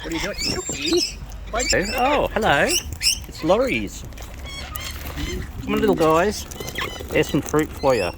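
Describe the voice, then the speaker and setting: Lady cooing baby talk at wild birds outside, slow and swoopy, lots of noise behind. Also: deep voice, very animated. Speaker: bird feeder filming wild birds. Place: outdoors among wild birds.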